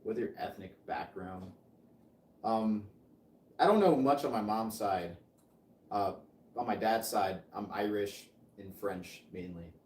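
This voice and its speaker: A man's voice: lowish voice, slow pace, long pauses, a little mellow, far from the mic. A man co-hosting a casual chat podcast who jokes and laughs often. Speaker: podcast co-host. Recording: roomy, off-mic.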